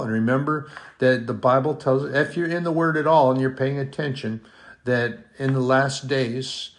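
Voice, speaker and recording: A man preaching a sermon in an earnest way, slowing on key words and rising to emphatic peaks. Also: mid-range voice, fairly bright tone.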